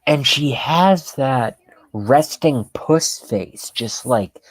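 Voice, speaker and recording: A man ranting on camera in a comic, profane political tirade, swinging between loud outbursts and hushed whispers. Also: medium pitch, lively intonation, very slow, no echo. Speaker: channel host ranting on camera. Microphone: webcam.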